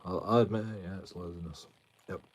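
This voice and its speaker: British man, very low voice, live streamer, argumentative, heavy swearing, repetitive. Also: steady tone, fairly quick, husky. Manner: combative, swears a lot, repeats himself. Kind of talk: ranting at chat on a livestream.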